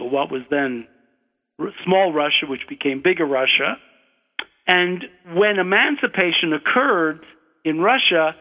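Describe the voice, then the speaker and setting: An older man with an American accent tells a digressive personal story at an unhurried pace, often backing up to correct himself. His voice sits somewhat high. The sound is narrow and phone-like, with a long, echoing reverb. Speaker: storyteller, guest. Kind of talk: personal anecdote on radio. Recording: tinny phone-like radio line with long hall reverb.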